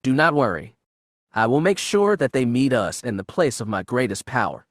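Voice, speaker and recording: Man doing ancient sith spirit, archaic accent, quiet hiss, contemptuous, dry close sound. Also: mid-range voice, sing-song, normal speed, dry recording. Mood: chastising. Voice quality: quiet, hissing.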